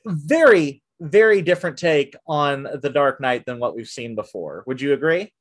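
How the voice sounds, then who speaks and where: A man hosting a casual podcast, reviewing a film with lots of fillers and restarts, and breaking into animated rants. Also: fairly high pitch, moderate pace. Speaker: podcast host. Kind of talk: casual movie review chat.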